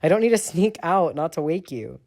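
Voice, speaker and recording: A man voicing a calm teenage boy wizard with dry, level retorts. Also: a little high, fairly quick, creaky, voice pushed up.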